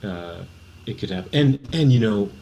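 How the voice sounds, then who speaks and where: A man's voice: on the low side, expressive, normal speed, gravelly. A man guesting on a casual podcast chat, hesitant, trailing off with lots of fillers. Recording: faint background noise.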